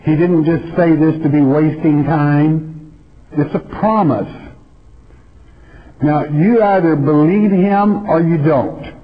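A man preaching a sermon in a folksy, emphatic way, reading scripture slowly and deliberately. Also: fairly high pitch. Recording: dull lo-fi recording.

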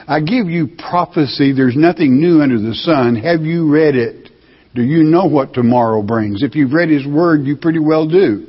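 A man's voice: mid-range voice, animated, unhurried, slightly rough. A man preaching a sermon, reading scripture aloud and then explaining it in blunt, plain words. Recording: muffled recording with long hall reverb.

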